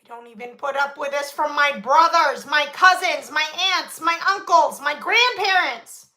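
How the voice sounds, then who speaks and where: A woman's voice: high-pitched, lively intonation, moderate pace, sharp tone. A young woman from Brooklyn, ranting indignantly at her livestream viewers as a makeup streamer. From Brooklyn, New York. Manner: indignant, scolding, emphatic. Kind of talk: livestream rant. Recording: echoey room.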